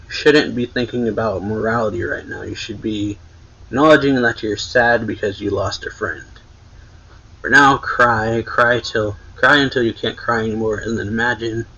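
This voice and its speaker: A man reading aloud the lines of a cold, manipulative male commanding officer in a dull lo-fi recording, in his own low, husky voice. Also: steady tone, normal speed, sharp tone, exaggerated voice. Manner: read plainly in the narrator's own voice. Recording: dull lo-fi sound.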